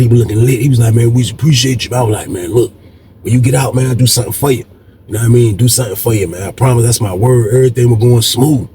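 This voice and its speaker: A man's voice: medium pitch, creaky, a little mellow, a little hiss or hum. A man hosting a storytelling video, talking casually and profanely, acting out quoted voices and repeating "man" a lot. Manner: profane, repetitive, keeps saying "man".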